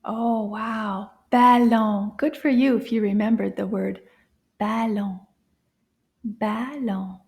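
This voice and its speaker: A woman teaching a French lesson for children, cheerful and encouraging, mixing English with French and often dropping into soft whispers. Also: mid-range voice, fairly even intonation, takes it slowly.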